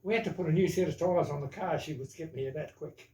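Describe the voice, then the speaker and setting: A man's voice: a little high, quick pace, mellow. Older man, new zealand accent, rambling family yarns, echoey room. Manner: rambling yarn-spinner with asides like "right?" and "eh?". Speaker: father telling family stories. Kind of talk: casual storytelling.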